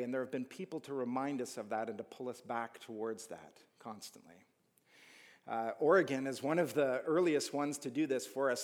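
A man's voice: medium pitch, a little mellow, long reverb tail. A man preaching an earnest, conversational sermon to his church, often asking his listeners questions. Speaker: pastor.

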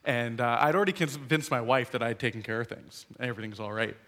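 Bright, animated man telling a story. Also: fast, hardly any pauses. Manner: animated, acts out quotes in a higher voice, laughs while telling. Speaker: speaker telling a story to an audience. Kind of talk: storytelling talk to a live audience.

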